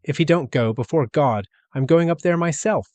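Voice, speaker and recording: A man's voice: sits high, sing-song, moderate pace, darkish tone, dry recording, voice pushed up. A man doing a fierce, hard-spoken farm aunt.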